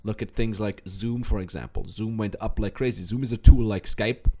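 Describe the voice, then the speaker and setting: A young man with a fairly low voice delivers a pushy motivational podcast monologue. He talks bluntly, with energy, and hammers his main points again and again. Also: normal speed. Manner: pushy, blunt and energetic, repeating key phrases. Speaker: podcast host and online business coach.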